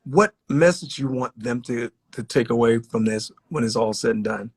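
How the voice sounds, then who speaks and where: A man interviewing an artist in a casual, enthusiastic way, often pausing with fillers. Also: medium pitch, husky, no room sound.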